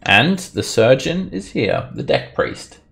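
A man's voice: mid-range voice, huge pitch swings, slow pace, vocal fry, sharp tone. A man running a tabletop game as game master, narrating casually with chuckles and fillers.

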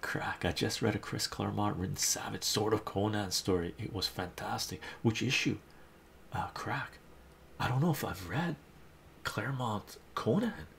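Deep gravelly man chatting about comics. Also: normal speed, fairly bright tone, slight background noise. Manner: enthusiastic, reads out chat messages and covers. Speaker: live stream host. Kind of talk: casual chat about comic books.

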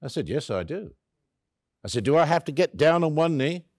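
A man's voice: fairly high pitch, very animated, normal speed, darkish tone, dry recording, studio quality. An actor playing an elderly male author, telling the story of his late love in the first person, wry and tender, acting out both sides of the conversation. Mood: tender recollection. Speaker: actor in a one-man stage play.

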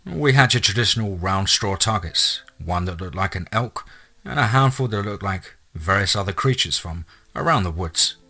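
Husky male horror story narrator. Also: low-pitched, animated, normal speed, pushed and bright. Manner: casual, wry storytelling. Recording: faint music underneath.

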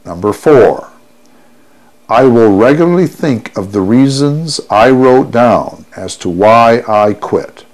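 A man guiding a listener through a hypnosis session, speaking in a soothing, unhurried way and repeating each affirmation. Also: medium pitch, lively intonation, a little mellow. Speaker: stop-smoking hypnotherapist.

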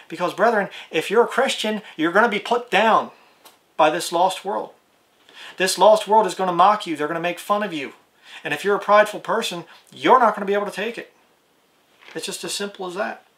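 A man's voice: high voice, fairly quick, a bit bright. A man preaching a plain-spoken video sermon, reading scripture aloud and asking his listeners rhetorical questions.

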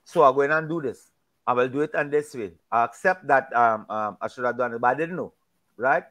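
A man's voice: medium pitch, brisk, fairly bright tone. A man in a casual Bible discussion, talking emphatically and preachily, often repeating and restarting his words.

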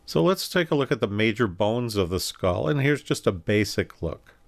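A man giving a recorded anatomy lecture, calmly explaining and pointing through slides with occasional self-corrections. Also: fairly low pitch, normal speed, creaky. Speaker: anatomy instructor.

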